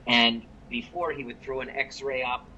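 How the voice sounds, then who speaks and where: A man of middle pitch speaks as a guest coach on a live call. He tells his story with energy, quoting people and repeating words when excited. A faint hiss sits under his voice. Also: a little slow, muffled recording.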